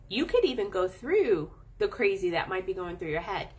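Husky, playful woman coaching pet owners. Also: mid-range voice. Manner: animated, playful, drawn-out emphasis. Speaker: animal chiropractor and channel host. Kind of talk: casual coaching talk to camera.

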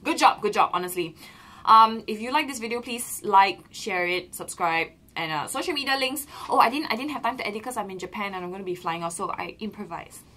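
A young woman with a Malaysian English accent, telling a story in a casual vlog from a small room, bubbly and animated. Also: medium pitch, a little fast. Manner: bubbly, animated, lots of "lah" and "okay". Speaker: vlogger.

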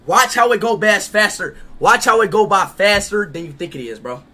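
A male streamer with a high, bright, tense voice that leaps all over the place as he talks to his chat. He is loud and excitable and swears freely. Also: moderate pace. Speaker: livestreamer. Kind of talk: casual livestream chat.

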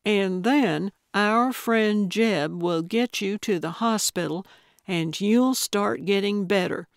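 Feisty elderly lady sleuth as voiced by a woman, blunt, coaxing, slow, dry close sound. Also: medium pitch, dry recording.

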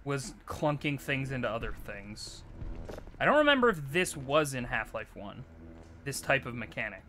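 Lively, bright-voiced male game streamer. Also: medium pitch, moderate pace, slight background noise. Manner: chatty, excitable, swears casually. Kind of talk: live gameplay commentary.

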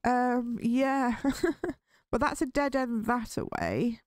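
A woman's voice: fairly high pitch, slow pace, a little mellow, no echo. Gaming host, female, easygoing let's-play patter, jumpy in scary moments, dry close sound. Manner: chatty, easily spooked, nervous laughs. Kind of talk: relaxed Minecraft let's play commentary.

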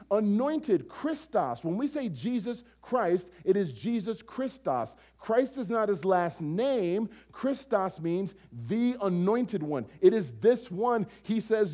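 A man preaching a sermon as pastor, conversational and animated, full of rhetorical questions. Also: high voice, slow pace.

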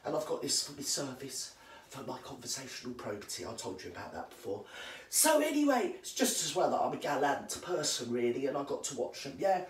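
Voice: big pitch swings, brisk, a little hiss or hum, close to an everyday voice. A performer playing an indignant old English granny with a British accent who gossips and swears in a rambling comedy monologue, recorded in a roomy space from a distant mic. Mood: ranting gossip. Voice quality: slangy, swears constantly and rambles. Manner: mock-outraged gossiping with big pitch swings.

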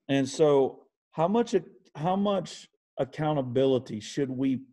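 A man hosting an interview, thoughtful and measured, often restating his points. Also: mid-range voice, expressive, mellow. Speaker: interview host. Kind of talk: casual interview conversation.

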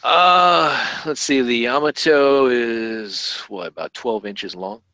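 A man's voice: mid-range voice, slow pace, sharp tone, dry recording, poor audio. A man hosting a podcast, chatting casually and thinking aloud with fillers about collectible toys. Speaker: podcast host.

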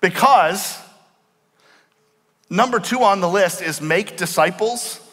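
A man preaching a sermon as pastor, explaining words slowly and asking the congregation questions. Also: high-pitched, a bit bright. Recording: long hall reverb.

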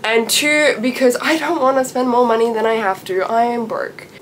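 Young aussie girl vlogging, super excited and breathless, kinda high voice. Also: moderate pace, slight background noise. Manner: gushing, breathless, squeals in disbelief. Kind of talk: excited casual vlog chat.

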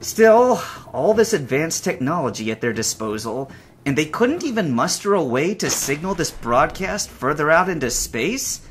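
A man voicing a stranded space survivor who mutters to himself in a halting way. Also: on the high side, sing-song, slight background noise. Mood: worried. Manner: talks to himself, halting, rising to panicked shouts. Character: stranded male space survivor, anxious and curious. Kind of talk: acted game narration.

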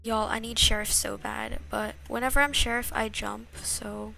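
A woman's voice: on the high side, normal speed, vocal fry. A young woman giving casual, dramatic gameplay commentary to her viewers. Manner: dramatic, excitable, talks to viewers as y'all. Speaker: gaming YouTuber.

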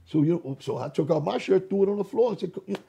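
An older man with a very raspy voice, giving an animated personal testimony as an interview guest, acting out dialogue and restarting his sentences often. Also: high voice, fast. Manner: re-enacts dialogue, repeats words and restarts often. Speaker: interview guest, former gang leader.

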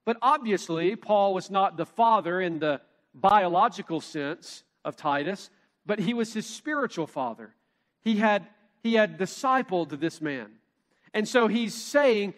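A man with a notably high voice gives an expository Bible teaching, leaning hard on key phrases and slowing for emphasis. His voice rings out with a long reverb tail, as if in a large hall. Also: expressive, a bit bright. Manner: emphatic, measured preaching with slowed stressed phrases. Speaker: pastor teaching a Bible study.

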